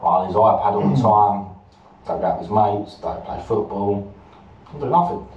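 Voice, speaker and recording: A man's voice: lowish voice, normal speed, slight background noise. A British man co-hosting a casual podcast chat, swearing freely and acting out quoted voices as he tells stories. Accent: British English. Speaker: podcast co-host. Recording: roomy, distant, dull and lo-fi.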